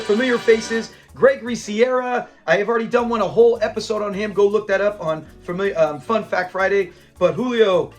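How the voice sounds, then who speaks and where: A man hosting a casual episode breakdown, retelling scenes with quoted lines and laughing often. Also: high voice. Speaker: show recap host.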